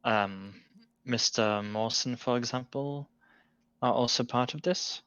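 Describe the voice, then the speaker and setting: A man's voice: medium pitch, slow, fairly bright tone, smooth, no echo. A man playing a tabletop game and asking questions in character. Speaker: player. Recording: dull lo-fi dry mic.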